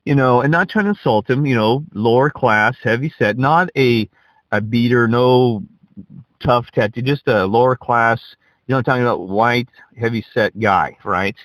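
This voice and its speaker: A man's voice: mid-range voice, normal speed, fairly bright tone, no room sound, poor audio. A man telling a rambling, profane anecdote in a casual way, often checking in with "right?". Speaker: storyteller.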